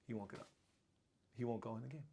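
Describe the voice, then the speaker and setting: A man's voice: mid-range voice, fast talker, gravelly, slightly rough. A middle-aged man, a school principal, telling a personal story in casual conversation, acting out what people said. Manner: animated storyteller acting out quoted voices.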